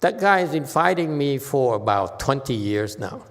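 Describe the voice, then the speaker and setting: A male Buddhist monk gives a lively, story-filled dharma talk and keeps repeating himself and checking with the listeners. His voice sits at an ordinary middle pitch. A long reverb from the temple hall trails after his words. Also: moderate pace. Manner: animated, repetitive, keeps asking "okay?". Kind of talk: dharma lecture, anecdotal storytelling.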